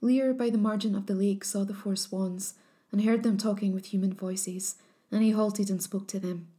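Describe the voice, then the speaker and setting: A woman storyteller reads an old legend in a measured, solemn cadence. Her voice is mellow and warm, never bright or sharp. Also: mid-range voice, steady tone. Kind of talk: scripted narration of a legend.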